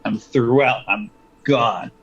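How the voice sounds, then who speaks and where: A man playing a tabletop game, talking excitably and laughing at times. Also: medium pitch, takes it slowly, lo-fi sound. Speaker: player. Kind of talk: casual tabletop play.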